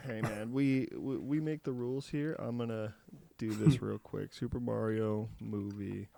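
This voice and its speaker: A man co-hosting a casual movie review podcast, rambling and halting as he thinks aloud. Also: fairly low pitch, fairly even intonation, creaky, dark tone, a little hiss or hum. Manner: rambling, halting, many restarts. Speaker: podcast co-host.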